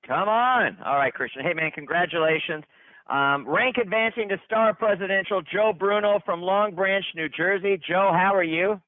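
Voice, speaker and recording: A man hosting a company conference call, hyped and chatty, repeating himself and restarting sentences as he gives shout-outs. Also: sits high, normal speed, dry recording. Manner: hyped, repetitive, stumbling restarts. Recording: tinny dry phone line.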